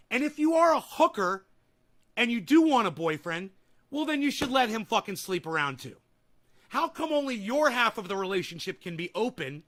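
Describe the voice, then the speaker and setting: Young male streamer, high and very bright voice, profane and mocking. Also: very animated, moderate pace. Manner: profane, combative, sarcastic. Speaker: livestream host. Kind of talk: ranting livestream chat.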